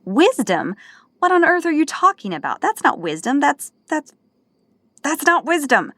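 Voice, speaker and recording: A woman's voice: mid-range voice, animated, moderate pace, dry recording, pitched above the performer's own voice, lightly acted. Woman voicing a flustered shy young man. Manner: embarrassed, protesting. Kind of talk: audiobook character voice.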